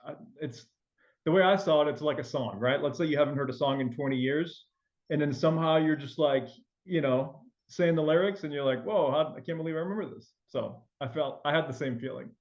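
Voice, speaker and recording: A loan officer raised in France, with a faint French accent, chats casually as an interview guest, his speech full of fillers and restarts. His medium-pitched voice has a darkish tone, and the audio sounds dull.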